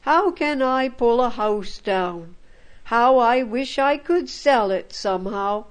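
A woman's voice: fairly high pitch, expressive, slow pace. A woman voicing a frightened, poor old village woman who pleads for help. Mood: plaintive. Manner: pleading, plaintive.

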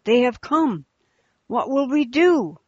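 Woman reading a worried hushed preacher. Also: high-pitched, expressive, slow, breathy edge, dry recording, muffled recording, pitched above the performer's own voice, full character voice. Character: anxious male preacher companion.

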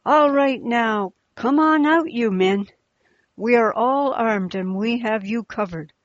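A woman's voice: fairly high pitch, a little slow, no room sound, close to an everyday voice. A woman voicing a gang of male rebel robbers who snarl and mock threats, in a slightly muffled recording. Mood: yelling.

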